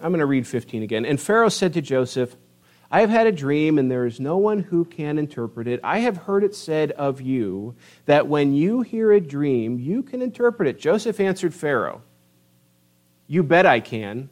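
Animated preaching man. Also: on the high side, normal speed. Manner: animated preaching, rising to emphatic peaks. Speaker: pastor. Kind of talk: sermon.

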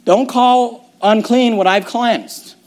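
A man's voice: extremely high pitch, steady tone, slow pace, a little mellow. A man preaching a sermon as pastor, emphatic and mocking in turns, often repeating his words. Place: church.

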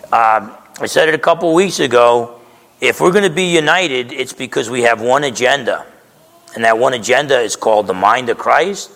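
A man's voice: medium pitch, gravelly, a bit bright. A man in his sixties from New Jersey, preaching a conversational, emphatic sermon as a pastor. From New Jersey, USA. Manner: conversational, emphatic, keeps asking "okay?". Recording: reverberant hall.

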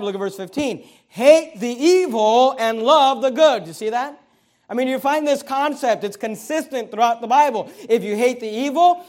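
A middle-aged man delivers a sermon in a notably high voice. He drives home his points by repeating them and breaks off for friendly asides to the congregation. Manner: emphatic preaching with repeated phrases and asides to the congregation. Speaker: pastor.

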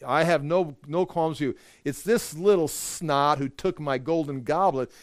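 A man's voice: fairly high pitch, measured pace, no room sound, studio quality, close to an everyday voice. A man voicing a powerful, brusque male ruler in a retold scripture story. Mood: scornful. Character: powerful male ruler, scornful, then revealing himself.

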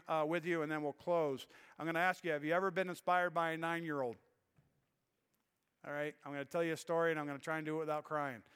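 A man's voice: on the high side, pushed and bright, clean tone, in a large hall. A middle-aged man preaching a sermon as pastor, telling a personal story in an earnest, emotional way with frequent restarts. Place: church sanctuary.

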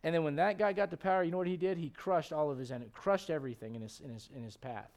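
Preaching on a Sunday, this man in his thirties, a pastor, talks quickly with a distinctly high voice. He keeps things lively and conversational, frequently starting sentences over.

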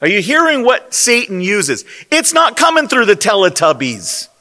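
A man's voice: high-pitched, wildly swooping pitch, normal speed, sharp tone. A man preaching a sermon at a convention, emphatic and rhetorical, leaning hard on single words. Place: convention hall. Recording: long hall reverb.

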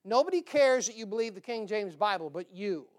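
A man's voice: high-pitched, animated, a little fast. A man preaching a sermon in a folksy, emphatic way, with joking asides.

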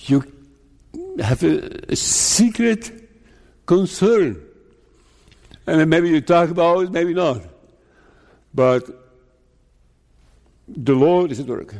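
A man preaching a sermon as pastor, slow and deliberate, putting rhetorical questions to his listeners. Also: on the high side, a little mellow. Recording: long reverb of a large hall.

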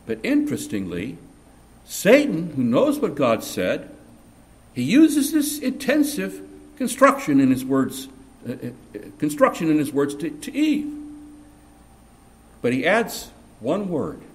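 A man preaching a verse-by-verse sermon, emphatic and building to loud peaks, with frequent restarts of words. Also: a little high. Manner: emphatic, rising to loud peaks on key points; repeats and restarts words mid-phrase. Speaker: pastor. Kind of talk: expository sermon.

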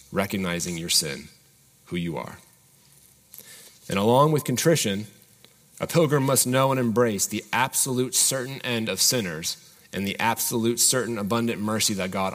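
A man's voice: fairly low pitch, long reverb tail. A man preaching a sermon as pastor, earnestly putting searching questions to his congregation.

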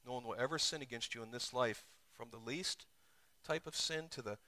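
Bright-voiced man preaching with rising intensity. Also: fairly quick, slight background noise. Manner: preaching with sudden surges in pitch and volume. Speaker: pastor. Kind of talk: sermon. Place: church.

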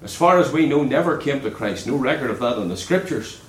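A man preaching a sermon in an earnest way, dropping low and soft on key words. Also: lively intonation, brisk, reverberant, poor audio.

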